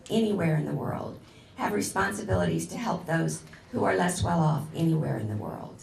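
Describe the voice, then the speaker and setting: A woman guest lecturer giving a lively, chatty classroom talk, turning to the audience often. Her mid-pitched voice has a gravelly edge. She is recorded from a distance in a roomy, echoing hall, with a faint hum of ambience behind her. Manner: enthusiastic, digressive, addresses audience directly. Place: lecture room. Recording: echoey room recording from a distance.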